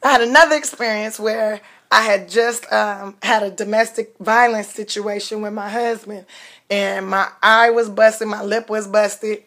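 A woman's voice: medium pitch, unhurried. A comedian, telling stories about her life in a chat. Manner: animated, acts out quoted voices loudly. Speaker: comedian guest. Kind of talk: storytelling interview chat.

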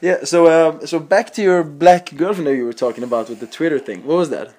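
A man's voice: a little high, fairly quick, a little mellow, breathy edge. Laid-back podcast host, a man. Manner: laid-back, crude, laughs often. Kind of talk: casual podcast chat.

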